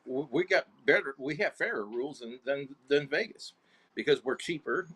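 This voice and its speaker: A man's voice: mid-range voice, animated, fairly bright tone, slightly rough. A man as a guest on a casual video call interview, plainspoken and often stopping to correct himself. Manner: halting, self-correcting, plainspoken.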